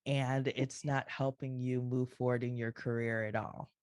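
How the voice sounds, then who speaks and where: A woman hosting a podcast interview, asking drawn-out questions and affirming her guest often. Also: rumbling low, level tone, darkish tone. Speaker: podcast host.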